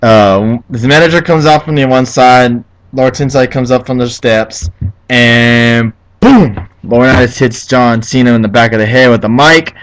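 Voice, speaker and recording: A man's voice: mid-range voice, normal speed, poor audio. Ranting, foul-mouthed young man reviewer. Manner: profane, ranting, easily heated. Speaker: wrestling show reviewer. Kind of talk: casual solo review.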